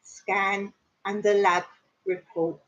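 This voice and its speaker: A woman voicing a calm, matter-of-fact male vet in a spoken joke, over a dull lo-fi recording. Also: mid-range voice, takes it slowly. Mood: deadpan.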